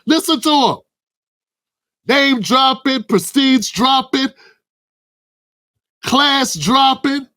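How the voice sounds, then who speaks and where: A man with a notably high-pitched voice delivers fiery political commentary. He preaches more than he chats, stacking rhetorical questions and calling out to a co-host by name. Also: expressive, very slow, pauses often, pushed and bright.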